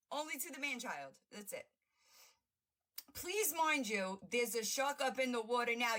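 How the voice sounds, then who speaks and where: A woman's voice: a little high, big pitch swings, slow, long pauses, fairly bright tone. A woman hosting a livestream, reacting to videos in a brash, profane and mocking way, often breaking into laughter. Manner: mocking and sarcastic. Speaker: livestream host. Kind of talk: casual reaction commentary.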